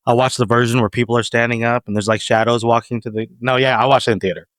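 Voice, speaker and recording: A man's voice: medium pitch, fast, dry recording. Opinionated man in casual podcast chat. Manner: animated, opinionated, trails off with restarts. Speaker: podcast co-host.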